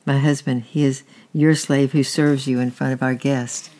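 A storyteller voicing a gentle Roman wife who speaks softly and timidly to her husband. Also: mid-range voice, little pitch movement, moderate pace, close to an everyday voice. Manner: soft, timid.

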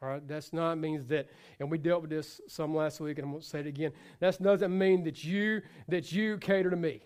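A man's voice: on the high side, fairly even intonation, moderate pace, darkish tone. A man preaching a sermon to his congregation, talking in a loose, conversational way with frequent repetitions and asides. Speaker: pastor.

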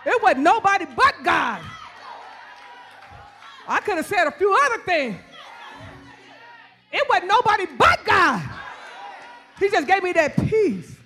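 A woman giving a church testimony, calling listeners by name and rising into shouted preaching. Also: very high voice, sing-song, a little slow, long pauses, soft background music, some chatter behind. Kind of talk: testimony sermon.

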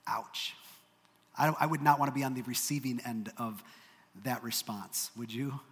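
Pastor preaching in a reverberant hall. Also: male voice, medium pitch, moderate pace, fairly bright tone. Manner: emphatic, with dry humorous asides. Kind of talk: sermon. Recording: long reverb of a large hall.

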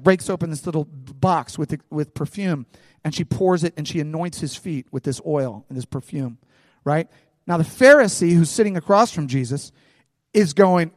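Male pastor, high voice, chatty sermon delivery with restarts, dry mic with long hall tail. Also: darkish tone. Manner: casual, conversational preaching with many fillers and restarts.

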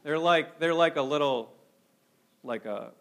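A man from Minnesota preaching a sermon as pastor, telling stories in an animated way with frequent restarts. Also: on the high side, a little slow. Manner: animated storytelling with repeated restarts.

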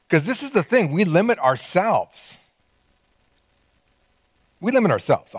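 A male pastor preaching a sermon, animated and conversational, acting out quoted voices with small laughs. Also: high voice, a little slow, long pauses, husky, no echo.

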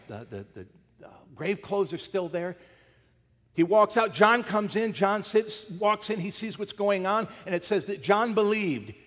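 A man preaching a sermon in a husky voice that climbs high and dips low. He swings from loud emphatic lines to near-whispers, acting out the quotes as he retells the story. The sound carries a long hall reverb. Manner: retells scenes with acted quotes. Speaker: pastor.

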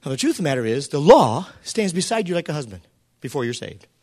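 A man preaching a sermon as pastor, swinging between shouted appeals and quiet asides and putting questions to the congregation. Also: fairly high pitch, very animated, quick pace. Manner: preaches with fervor and calls out to the listeners.

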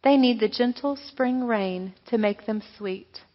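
A woman's voice: fairly high pitch, measured pace. Lady doing a bossy little farm boy, echoey, muffled. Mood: earnest. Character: young farm boy, quick to blame. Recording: echoey hall, dull lo-fi sound.

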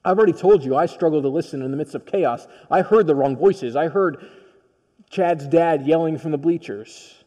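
A male pastor preaching a sermon, telling a story in a personal, conversational way that swings from quiet to emphatic. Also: on the high side, normal speed, big-room sound, highs cut off.

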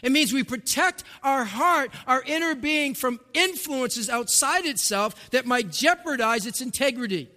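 A man preaching a sermon, emphatic, with rhetorical questions, rising to shouts and dropping to a hush, in a church sanctuary. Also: very high-pitched, lively intonation, unhurried, hardly any pauses. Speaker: pastor. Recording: long reverb of a large hall.

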